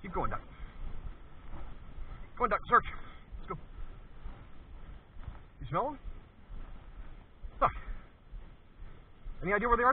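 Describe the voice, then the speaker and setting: A man's voice: high voice, very animated, takes it slowly, pauses often. Man coaxing his dog on an outdoor track. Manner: coaxing, praising, thinking aloud to the dog. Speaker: dog handler training a tracking dog. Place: outdoors in a park, on foot. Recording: tinny, phone-like outdoor recording with faint noise.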